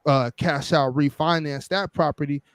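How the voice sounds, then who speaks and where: A man's voice: fairly high pitch, steady tone, normal speed, no echo, clean studio sound. A man in his thirties in a casual podcast chat, explaining step by step with many restarts.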